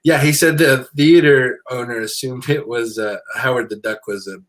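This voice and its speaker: A middle-aged man hosting a podcast, relaxed and hesitant with many fillers, reading out listener comments. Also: medium pitch, normal speed. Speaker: podcast host. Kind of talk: casual chat.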